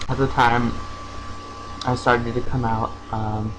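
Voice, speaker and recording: Young man telling a halting story. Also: mid-range voice, level tone, noisy background. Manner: hesitant, many fillers and restarts. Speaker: vlogger. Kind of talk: casual personal story.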